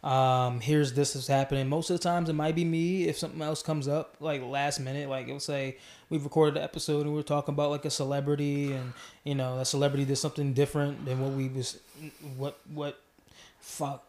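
A man's voice: a little high, flat delivery, brisk. A man hosting a casual podcast, talking in a rambling way with many fillers and restarts. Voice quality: mellow. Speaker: podcast host.

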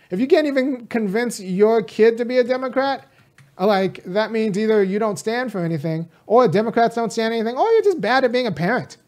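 A man's voice: high voice, a little mellow. A man from California delivers a passionate, unscripted monologue straight to his viewers. He is a college teacher talking at his own pace, pressing his points hard and wandering into side remarks along the way. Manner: impassioned, addresses viewers directly, rambling asides. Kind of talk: casual political video monologue.

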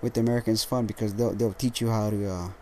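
A lethargic man talks through his solo podcast in a slightly low voice, tripping over his words and restarting often. He swears casually as he goes. A faint noise sits under the recording. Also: steady tone, mellow. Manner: rambling, halting, with frequent restarts and swearing. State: tired and lethargic. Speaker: podcast host.

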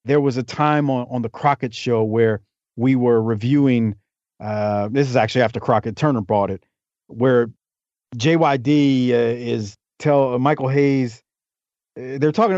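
A man with a mid-range, slightly mellow voice speaks at normal speed as a podcast guest, telling wrestling stories in a loose, chatty way with jokey asides. The talkative interview chat comes through as dull, dry, lo-fi podcast audio without echo.

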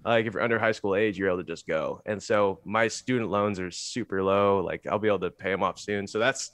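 A young man from the San Francisco Bay Area, a musician guest in a relaxed interview, who rambles and corrects himself as he talks. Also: on the low side, no echo, clean studio sound. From San Francisco Bay Area, USA. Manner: rambling, halting, self-correcting. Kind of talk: casual interview chat.

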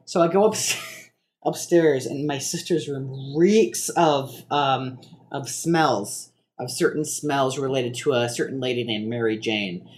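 A man's voice: mid-range voice, slow. A young man co-hosting a podcast in casual chat, joking and rambling with lots of fillers and restarts. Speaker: podcast co-host.

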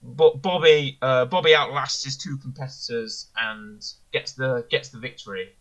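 Poor audio captures a mid-range, slightly bright male voice at a moderate pace. He's co-hosting a laid-back wrestling review podcast, rambling eagerly and correcting himself as he talks.

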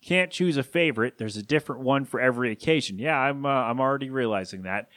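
A man's voice: medium pitch, fast talker, fairly bright tone, no echo. A man hosting a solo podcast from his home studio, rambling casually with self-deprecating asides. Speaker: podcast host.

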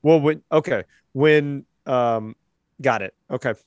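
A man's voice: medium pitch, takes it slowly, darkish tone, dry recording, dull audio. A man running a tabletop game as game master, in a casual chat.

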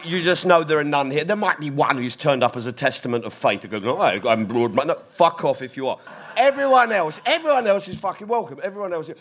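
Comic working a club crowd live, fairly high voice, loud and profane, audible noise behind. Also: male voice, lively intonation, brisk. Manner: shouting, sweary, riffing with hecklers. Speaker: stand-up comedian. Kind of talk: live stand-up at a club gig. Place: live music club with audience.

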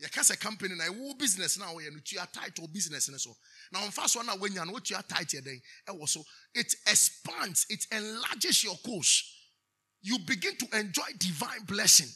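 A man's voice: high-pitched, lively intonation, a little fast, pushed and bright, breathy edge. A Ghanaian man preaching a sermon, preaching emphatically, drawing answers from the congregation with questions and switching between English and Twi. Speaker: pastor.

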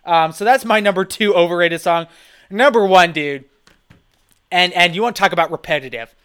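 Man, podcast co-host, casual rant, rambling, clear resonant voice. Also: high voice, normal speed. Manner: rambling, animated, lots of "dude" and restarts. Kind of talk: casual chat.

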